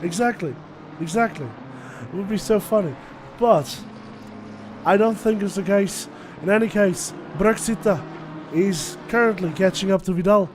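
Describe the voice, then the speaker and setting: A high-voiced man calls a sim race live, breaking down lap times and strategy in a chatty, analytical way. He laughs easily along the way. Loud race car noise runs behind him. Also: measured pace. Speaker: race commentator. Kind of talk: live sim racing commentary.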